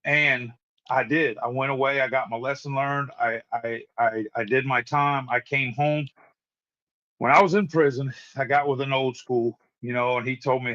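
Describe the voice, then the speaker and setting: A man in his forties tells his personal testimony in earnest, often repeating words and restarting sentences. His voice sits at an ordinary middle pitch. The sound is dull and muffled, like audio from a live-stream call. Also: little pitch movement, normal speed, fairly bright tone. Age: 40s. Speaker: guest sharing a recovery testimony. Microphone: remote live-stream call.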